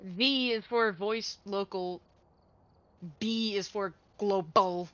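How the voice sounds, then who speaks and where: A woman's voice: medium pitch, slow, fairly bright tone, no echo. A woman chatting over a voice call while gaming, playfully explaining the controls with silly memory tricks. Her audio is a little dull and dry, with no room sound. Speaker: podcast co-host. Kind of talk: casual gaming chat.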